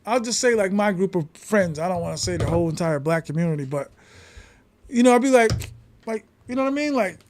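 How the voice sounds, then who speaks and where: A man, a podcast guest telling stories in casual conversation, emphatic and animated, swearing often. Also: sits high, brisk, slight background noise. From New York City.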